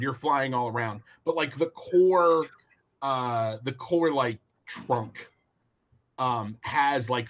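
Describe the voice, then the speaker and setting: A man acts as game master for a tabletop game and describes the scene. His speech halts and stalls over fillers. His voice sits at a middle pitch. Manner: halting, many restarts and fillers.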